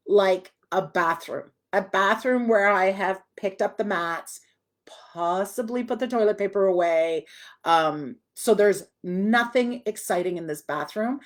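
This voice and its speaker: A woman dog trainer teaching a live online class in a chatty, direct way. Her voice sits at an ordinary middle pitch. She speaks to viewers as if they are training alongside her.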